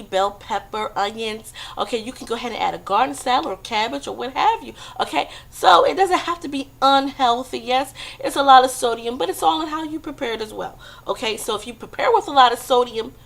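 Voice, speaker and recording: A woman's voice: on the high side, vocal fry, a bit bright. A woman vlogger giving a casual comedic monologue, chatty, often checking in with the listener. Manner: chatty, repeats "okay" and "come on now".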